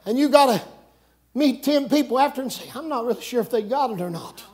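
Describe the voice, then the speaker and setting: A middle-aged man preaching a camp meeting sermon, folksy and joking, breaking into shouts. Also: very high voice, lively intonation, brisk. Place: church camp meeting with congregation.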